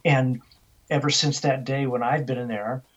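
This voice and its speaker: Husky middle-aged man telling a story. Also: mid-range voice, normal speed. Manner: animated storyteller who acts out the dialogue he quotes. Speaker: interview guest. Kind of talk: storytelling in a conversational interview. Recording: dull, lo-fi sound.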